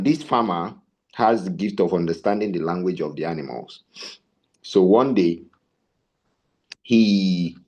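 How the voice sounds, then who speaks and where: A man's voice: sits low, muffled recording. A man leading a tech sales bootcamp, telling stories and asking rhetorical questions as he teaches. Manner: animated, storytelling with rhetorical questions. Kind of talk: bootcamp lecture with storytelling.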